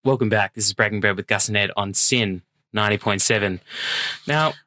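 A man's voice: on the low side, a little fast, pushed and bright, no room sound. A young man co-hosting a radio show, teasing his partner with wry quips. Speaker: radio co-host. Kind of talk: radio banter. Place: radio studio.

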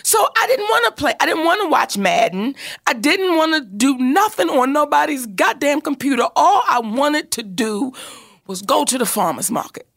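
A woman telling a personal story in casual chat, animated and swearing freely as she acts out what people said. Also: sits high, moderate pace, gravelly.

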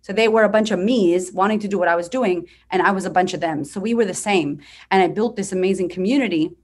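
A woman in her thirties, a business coach telling her story as a podcast guest, talking bluntly with lively energy and some swearing. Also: mid-range voice, fast. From United States. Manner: blunt, profane, energetic and animated.

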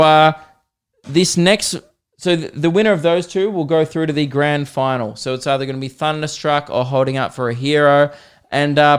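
Profane Australian comedian telling a story. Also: male voice, fairly high pitch, smooth. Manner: animated, profane, mocking. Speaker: comedian podcast host.

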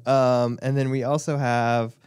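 Guy cohosting a podcast, lots of ums, mid pitch, dry close sound. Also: level tone, measured pace, a little mellow, clean tone, no echo. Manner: hesitant, filler-heavy listing. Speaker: podcast co-host. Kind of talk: casual podcast chat.

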